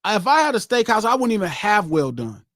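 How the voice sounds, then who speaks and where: A man with a high, very lively voice, hosting a loose podcast hangout. He is animated and slips into quoted voices as he tells his stories, heard close up in a dry room. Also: a little fast, dry recording. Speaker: podcast host. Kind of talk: casual group chat.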